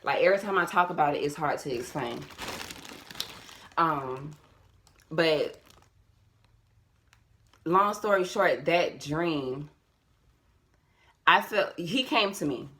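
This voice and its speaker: A young woman, casually telling a personal story to her viewers, animated and repeating herself, calling them y'all. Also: low-pitched, slow, pauses often. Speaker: vlogger.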